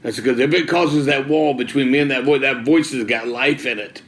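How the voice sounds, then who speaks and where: A man's voice: mid-range voice, brisk. Slangy man telling his testimony, roomy echo. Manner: casual, slangy, peppered with "dude" and "man". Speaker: former biker giving a church testimony. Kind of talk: personal testimony storytelling.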